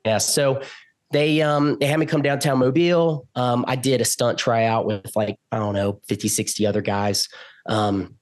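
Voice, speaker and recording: A man telling a story as a podcast guest, acting out the quoted lines with big jumps in pitch. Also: normal speed. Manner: animated, acts out quotes with loud jumps in pitch. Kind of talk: casual storytelling.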